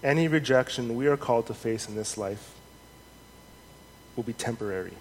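A man preaching a sermon in an earnest, measured way, reading scripture aloud with rising emphasis. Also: mid-range voice. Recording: long hall reverb, faint noise.

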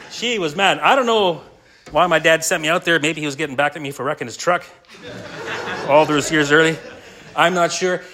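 A middle-aged man preaching a sermon, telling a story and moving between loud bursts and hushed asides. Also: fairly high pitch, normal speed, pauses often, a little hiss or hum. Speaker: pastor.

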